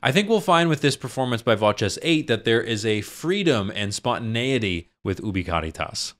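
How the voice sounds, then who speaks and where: A man's voice: medium pitch, sing-song, fairly bright tone. A man in his thirties, a singer, explaining a choral piece in casual commentary and sometimes singing short phrases to show a point. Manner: enthusiastic, explains slowly and sings short phrases to demonstrate. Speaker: singer reacting to a choral performance.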